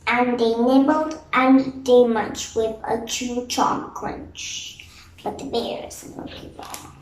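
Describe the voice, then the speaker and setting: A woman reading a children's picture book aloud in a slow, deliberate manner. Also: fairly high pitch, steady tone, reverberant, a little hiss or hum. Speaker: storybook reader.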